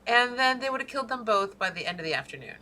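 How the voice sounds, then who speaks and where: A woman's voice: a little high, big pitch swings, quick pace, pushed and bright, slight background noise. A woman co-hosting a podcast in casual chat, telling a story as a profane, worked-up rant. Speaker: podcast co-host.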